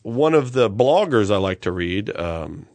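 A man co-hosting a podcast in casual chat, talking in an animated, ranting way and laughing easily. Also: lowish voice, measured pace, no echo. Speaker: podcast co-host.

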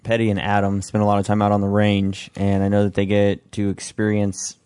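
A man's voice: fairly low pitch, monotone, fairly quick, a little mellow, clear, resonant tone, dry recording, clean studio sound. A man hosting a podcast in casual chat, teasing his co-host.

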